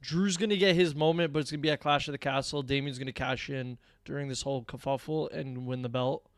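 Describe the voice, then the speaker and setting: A man co-hosts a relaxed podcast chat, slangy and sure of himself. His voice sits mid-pitch and is recorded dry and close. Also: quick pace, no room sound. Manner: slangy, confident, says bro a lot. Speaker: podcast co-host. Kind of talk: casual chat.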